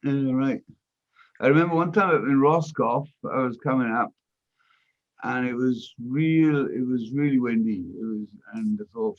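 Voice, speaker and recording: An older man hosting a casual chat, telling a loud, profane anecdote with lots of energy. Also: medium pitch, normal speed. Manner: profane, animated anecdote-teller. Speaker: host. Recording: dull, lo-fi audio.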